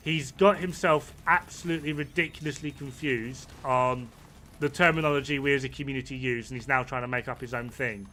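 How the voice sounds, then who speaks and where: Bright-voiced man chatting over gameplay. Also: mid-range voice, slight background noise. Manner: chatty, rambling, amused. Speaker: gaming streamer. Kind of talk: casual commentary while playing.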